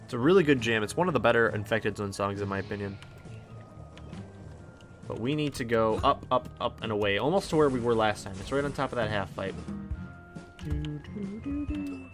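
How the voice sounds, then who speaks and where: A man's voice: fairly low pitch, fairly quick. Rambling man commenting on his game. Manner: rambling, lots of fillers and restarts, hums along. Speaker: let's play host. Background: faint game music.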